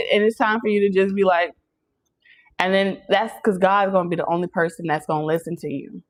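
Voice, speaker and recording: A woman's voice: lowish voice, steady tone, brisk. A young woman giving a casual channeled tarot reading, chatty and emphatic, often checking in with "okay?". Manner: chatty, emphatic, addresses listeners directly with frequent "okay?". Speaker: tarot reader.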